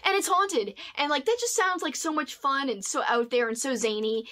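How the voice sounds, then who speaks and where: A woman's voice: high-pitched, moderate pace, pushed and bright. A woman hosting a casual book vlog, chatty and rambling with lots of asides. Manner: chatty, rambling, says "flippin'" often. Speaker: host.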